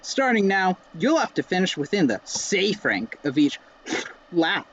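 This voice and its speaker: A man's voice: high-pitched, sing-song, measured pace, fairly bright tone, slightly rough, exaggerated voice, poor audio. A man voicing a folksy male race announcer in a put-on Southern US accent. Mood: announcing.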